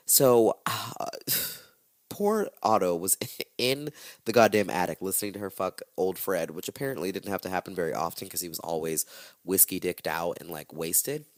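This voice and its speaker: A man hosting a comedy true-crime podcast, retelling a case in an animated, profane, slang-heavy way with jokey asides. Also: sits low, moderate pace, no room sound, clean studio sound. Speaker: podcast host.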